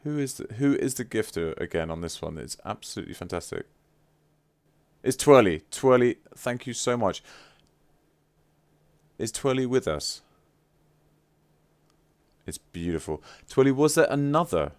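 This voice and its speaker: A man's voice: fairly low pitch, expressive, moderate pace, pauses often, darkish tone, clear, resonant tone. A man chatting casually on a live stream, effusive and playfully teasing. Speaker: livestreamer.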